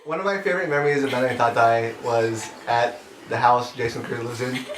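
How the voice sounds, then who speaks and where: A young man telling a family memory, animated and amused. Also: medium pitch, fairly quick, loud music behind the voice. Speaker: grandchild sharing a memory. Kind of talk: casual family storytelling. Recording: echoey room.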